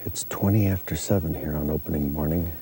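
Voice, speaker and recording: A man giving a calm, matter-of-fact report outdoors on a wooded knoll. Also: extremely low pitch, fairly quick. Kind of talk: on-location report. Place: outdoors on a knoll over woods.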